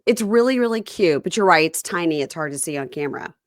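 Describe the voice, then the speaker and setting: A woman's voice: fairly low pitch, lively intonation, fast talker, no room sound, studio quality. A middle-aged woman hosting a podcast in casual chat, laughing often. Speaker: podcast host.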